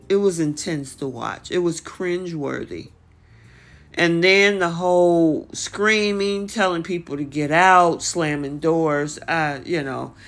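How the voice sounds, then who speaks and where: A reality TV recap host talking casually and animatedly, often acting out the cast's lines with lots of "you know" fillers. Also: medium pitch. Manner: animated, acts out the cast's lines in quick bursts.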